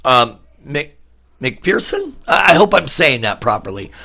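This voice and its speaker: A man with a sick, rough voice doing casual vlog commentary, mock-serious and stumbling over names with lots of fillers. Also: a little high, very animated, a little slow, sharp tone. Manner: mock-serious, breaks into disbelief. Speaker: YouTuber.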